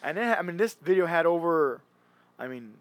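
A young man with a slightly higher voice talks in a loose, rambling way. He restarts his sentences often and slips into quoted voices while he retells a story. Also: lively intonation, moderate pace, no room sound. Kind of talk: casual chat.

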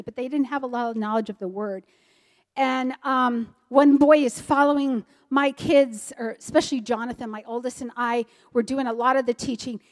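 High-voiced woman telling a church testimony. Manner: animated, acts out the voices of people she quotes. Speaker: speaker sharing a mission testimony.

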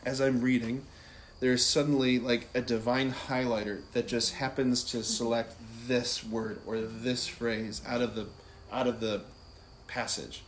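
A man's voice: medium pitch, little pitch movement, a little slow. A man speaking as a priest, teaching about prayer in a casual, conversational way, often adding "like" and "right?" as he goes. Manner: conversational, many "like" and "right?" asides. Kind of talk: casual spiritual teaching talk. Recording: echoey room with faint background noise.

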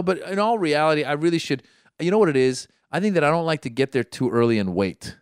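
A rambling, animated man from Iran, a doctor, sits close to the mic in a dry, dead room. His voice is a touch high for a man but smooth and resonant, and he keeps restarting lines and leaping up in pitch to act out his thoughts. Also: fast talker, dry recording. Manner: animated, rambling, repeats himself, jumps high when acting out his inner voice. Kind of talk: casual storytelling chat.

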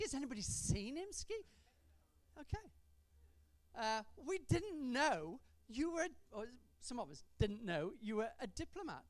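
A woman preaching a sermon in a church, stretching out key words for emphasis and adding gentle humour. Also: fairly high pitch, sing-song, measured pace, no echo.

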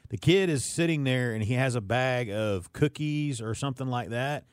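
A man co-hosting a radio show in a studio, telling a story with animated energy. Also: mid-range voice, moderate pace, smooth, dry recording. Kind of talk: casual studio chat.

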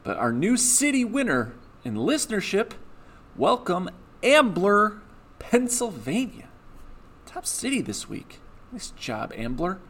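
Hyped-up podcast host, lively pitch. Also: male voice, takes it slowly. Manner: energetic, playful hype. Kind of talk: sports betting podcast.

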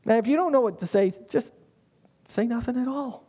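A man's voice: very high voice, a little fast, warm tone, husky. A man preaching a sermon as a pastor, in a humorous, conversational way.

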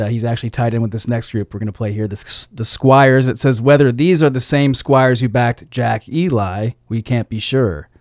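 A radio DJ hosts a casual show on a studio microphone, reading record sleeve notes aloud in a laid-back way and chuckling at his own slips. His voice is mid-range with a darkish tone, recorded dry.

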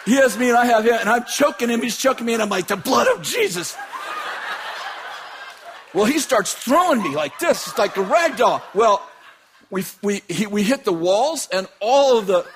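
A man preaching and telling a dramatic personal story, laughing often and shouting at the peaks. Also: high voice, a little fast, a faint crowd, slight background noise. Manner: animated, laughing, shouting at climaxes. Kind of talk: sermon storytelling.

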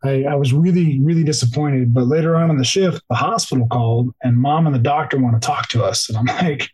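Here a policeman on a podcast tells his own emotional story a little fast, his medium-pitched voice a bit mellow and slightly rough. Poor audio captures heavy use of "like," repeated restarts, and moments where he's close to tears.

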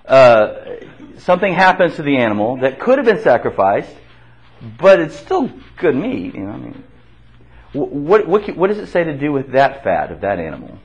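In a dull, lo-fi classroom recording, a man leads a Bible class by posing questions and repeating the group's responses. His medium-pitched, slightly rough voice swings widely in pitch, and he speaks conversationally at a moderate pace, restarting sentences.

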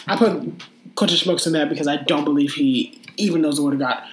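A woman's voice: low voice, fast talker. Woman cohost, rambly and giggly, swears a lot, echoey room, little hiss. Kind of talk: casual chat about reality TV. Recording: echoey room, faint noise.

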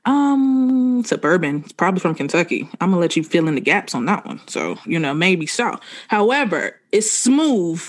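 Chatty woman co-host, lowish voice. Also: moderate pace, hardly any pauses. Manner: chatty, animated, joking. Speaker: podcast co-host. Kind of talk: casual chat.

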